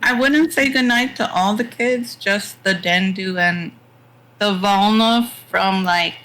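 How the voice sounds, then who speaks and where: A man playing in a tabletop game, making quiet, hesitant remarks. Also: high voice, slow pace, rough recording. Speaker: player. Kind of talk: casual tabletop play.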